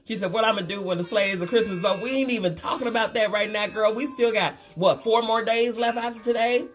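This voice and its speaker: A woman, hosting a casual makeup livestream and chatting warmly with viewers. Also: on the high side, quick pace. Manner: chatty, reads viewer comments aloud, calls them girl and honey. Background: faint Christmas music.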